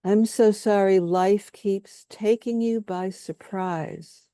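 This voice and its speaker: A woman leading a guided healing workshop, speaking softly and soothingly as she has the group repeat statements after her. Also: medium pitch, steady tone, slow, smooth, no room sound, studio quality. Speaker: workshop leader.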